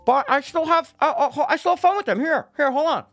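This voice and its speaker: A man's voice: very high-pitched, fast talker, vocal fry, a bit bright, dry recording, heavily acted. A man playing a nervous, stammering grown man in a comedy sketch. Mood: giddy. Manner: stammering, hesitant.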